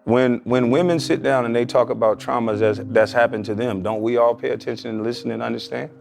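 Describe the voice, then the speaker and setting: A man's voice: medium pitch, fairly even intonation, a little fast, gravelly, darkish tone, a little hiss or hum. A man, a former pro basketball player, answering as a guest in a podcast interview in a blunt, emphatic, argumentative way.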